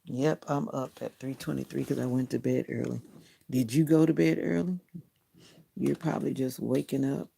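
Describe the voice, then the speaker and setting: Her bass voice is warm, creaky and slightly rough, with fairly even intonation and normal speed. Streaming late at night from home under a ring light, she prays, then talks with her viewers and repeats her questions to them.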